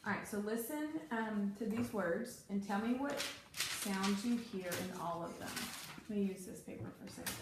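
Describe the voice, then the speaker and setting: A woman's voice: mid-range voice, moderate pace. A woman teaching a one-on-one phonics lesson, patient, stretching out key words for emphasis. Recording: very echoey room, faint noise.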